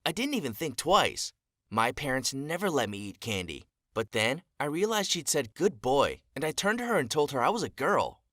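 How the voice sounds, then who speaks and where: An earnest young man with a lively delivery. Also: mid-range voice, normal speed, dry recording, studio quality. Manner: earnest, dramatic storytelling. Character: young man recounting a traumatic childhood, earnest. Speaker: animated story narrator. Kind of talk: scripted storytelling narration.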